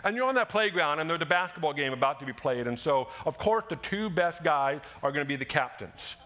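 A male pastor delivering a sermon with a high, bright, ringing voice. He preaches in an animated, conversational way, slipping into short acted-out quotes. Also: brisk. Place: church sanctuary.

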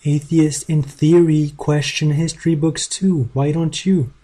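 Dark, husky man with a combative edge. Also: fairly high pitch, steady tone, unhurried. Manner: combative, mocking. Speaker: video creator responding to a critic. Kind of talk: argumentative rebuttal video.

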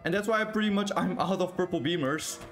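Guy doing hyped gameplay commentary, kinda high voice, keeps repeating stuff fast, faint music behind. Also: fairly bright tone. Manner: exclamatory, repeats words in quick bursts. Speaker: gaming video creator. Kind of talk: excited live gameplay commentary.

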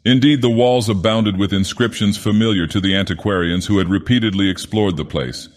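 A man narrating an audiobook in character as an ancient, menacing male god-king villain from a fantasy game, speaking slowly and gravely. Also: fairly low pitch, close to an everyday voice. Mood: ominous. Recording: long echoing reverb.

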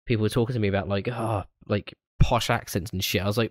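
Sweary lad, low dry voice. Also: male voice, fast, no room sound. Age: 20s. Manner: swears freely, laughs often, animated retelling. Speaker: podcast co-host. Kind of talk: casual film review chat.

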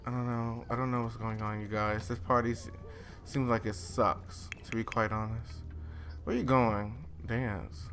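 A young man hosting a let's play, giving casual and excitable commentary as he bosses his game characters around with mild swearing. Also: mid-range voice, measured pace, faint music behind. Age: young adult.

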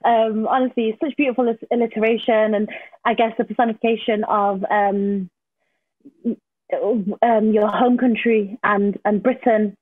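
A woman's voice: fairly high pitch, little pitch movement, normal speed, dry recording. A woman hosting a poetry event, effusive and gushing with praise, with plenty of fillers. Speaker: event host. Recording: dry, phone-like line.

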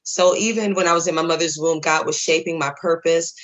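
A woman pastor, hoarse from preaching and singing, introducing herself on a ministry talk show in a spirited church manner. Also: low voice, fairly even intonation, brisk, highs cut off.

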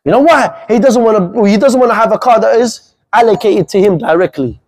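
A man's voice: sits high, fairly quick, darkish tone, poor audio. A young man giving a blunt, fiery religious talk to young people, full of street slang. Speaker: guest speaker. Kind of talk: impassioned religious youth talk.

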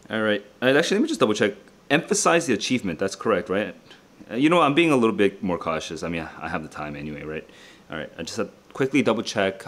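Tired young man muttering through test questions. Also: low-pitched. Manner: muttering, self-checking, casual asides to viewers. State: tired and distracted. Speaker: SAT tutor. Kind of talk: thinking aloud while solving test questions. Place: his room.

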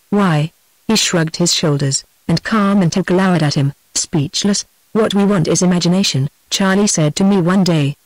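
A text-to-speech woman's voice with a British English accent, reading an adventure novel aloud in an even, steady manner without character voices. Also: on the low side, no room sound, low-quality recording. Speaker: audiobook narrator. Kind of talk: scripted narration.

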